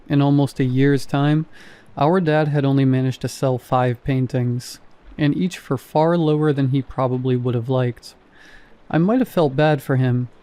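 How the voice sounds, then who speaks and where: A man narrating a scary story in a calm, measured reading voice. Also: medium pitch. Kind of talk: scripted narration.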